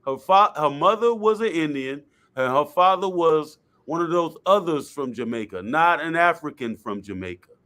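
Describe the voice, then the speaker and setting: Man, fairly high voice, blunt slangy talker who repeats himself for emphasis. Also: lively intonation, moderate pace, hardly any pauses, fairly bright tone. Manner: blunt, colloquial, repeats points. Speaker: guest speaker. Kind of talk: casual discussion.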